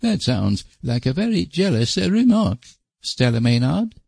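A man's voice: high-pitched, sing-song, normal speed, warm tone, husky, no echo, studio quality, voice pushed up, full character voice. A man playing a prim, scolding old aunt. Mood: reproving. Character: older aunt, prim and rebuking.

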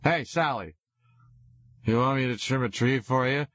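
A man voicing a drunk teenage boy who yells and pleads into a phone, on a dull lo-fi recording. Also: medium pitch, moderate pace, no room sound, pitched above the performer's own voice, close to an everyday voice. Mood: drunk, pleading. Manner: slurring, loud and pleading.

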